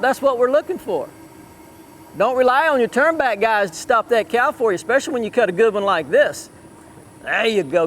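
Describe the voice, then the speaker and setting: A man's voice: sits high, lively intonation, normal speed, pauses often, a bit bright, slight background noise. A man working as a cutting horse trainer, coaching a rider live in an outdoor arena and calling out short, repeated commands.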